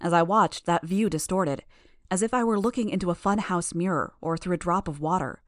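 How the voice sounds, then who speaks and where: Woman reading an audiobook, lowish voice, steady pace, dry sound. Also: fairly quick, dry recording. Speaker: audiobook narrator. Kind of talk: first-person audiobook narration.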